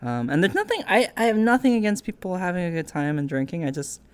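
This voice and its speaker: A young woman talking casually as an interviewer on a stream. Her voice sits a little low, but it swings widely as she tells stories, laughs often and jumps into squeaky quoted voices. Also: very animated, quick pace, clean tone.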